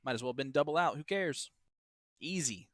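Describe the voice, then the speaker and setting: A man's voice: on the high side, expressive, fairly quick, fairly bright tone, no echo. A man commentating a live darts match, talking in a chatty, joking way and teasing his co-host.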